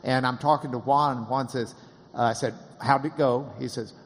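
A man with a drawl tells a story with lively delivery, slipping into the voices of the people he quotes. His voice sits at an average pitch. The sound rings with a long hall reverb. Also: moderate pace. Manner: animated, acts out quoted voices, laughs often. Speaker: interviewer and storyteller. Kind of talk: casual anecdotal storytelling.

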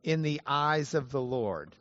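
A man teaching a Bible lesson to an audience, animated and playful, spelling out Hebrew words slowly. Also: mid-range voice, no room sound, highs cut off. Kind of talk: lively teaching talk to an audience.

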